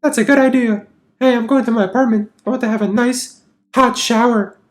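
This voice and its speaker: A man's voice: fairly even intonation, fairly quick. A man doing a cooing, sugary obsessive woman. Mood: sweet. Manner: high syrupy falsetto, cooing. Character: obsessive clingy young woman, sweetly menacing.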